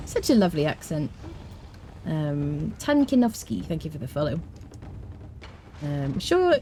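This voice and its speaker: A Scottish woman chatting playfully to viewers as she plays and guides a game, with careful, clear enunciation. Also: low voice, darkish tone, a little hiss or hum. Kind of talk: casual live-stream gameplay commentary.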